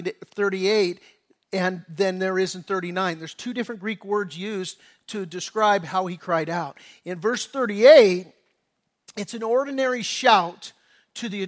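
Pastor, male, high voice; passionate sermon with casual slang asides. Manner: impassioned preaching, building from hushed to shouting.

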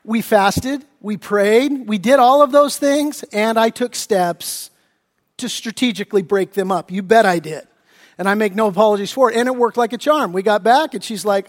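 Brief: middle-aged man, pastor, animated sermon storyteller, high pitch, long church reverb. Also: normal speed. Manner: animated storytelling, acting out his family's voices. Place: church sanctuary.

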